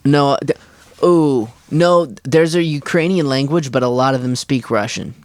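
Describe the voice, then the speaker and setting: A man's voice: medium pitch, normal speed, no room sound. A man co-hosting a podcast in casual comedic chat, often stammering and trying out silly accents. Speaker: podcast co-host.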